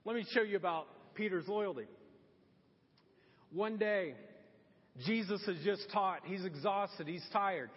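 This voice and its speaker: A man delivers a sermon as pastor, his voice pitched very high with a husky edge. He tells the story with animated energy and acts out each quote. The sound is muffled and lo-fi, with a long reverb from the church hall. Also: measured pace, long pauses. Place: church sanctuary.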